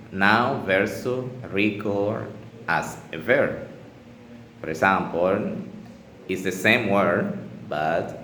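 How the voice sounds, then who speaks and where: A man teaching an English lesson in a deliberate, pausing way, with fillers and restarts. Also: fairly low pitch, fairly bright tone. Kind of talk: slow instructional explanation. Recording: echoey room with faint ambient noise.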